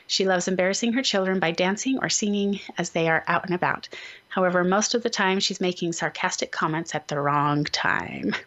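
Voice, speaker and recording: A woman's voice: lowish voice, fairly bright tone. A woman hosting a talk radio interview, introducing her guest and asking questions. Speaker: radio show host. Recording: slightly dull radio audio.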